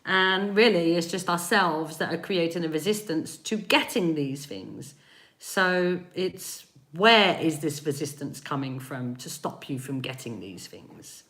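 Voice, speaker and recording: Deep-voiced and unhurried, with a touch of brightness, a woman from East London hosts a live-stream chat. As a spiritual reader and energy healer, she laughs, rambles, and greets viewers by name while responding to what they write.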